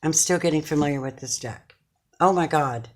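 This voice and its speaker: Sitting in her chair at home, a middle-aged woman gives her viewers a casual tarot reading. Her voice is low-pitched at a normal speed, and her manner is effusive, affectionate, and chatty.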